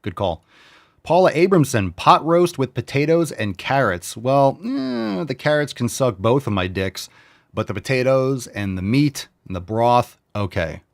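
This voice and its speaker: A man in his forties from New York hosting a fitness show, reading viewer meals aloud in a loud, brash, profane, riffing way. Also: mid-range voice, big pitch swings, unhurried, gravelly. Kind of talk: casual chat reading viewer posts.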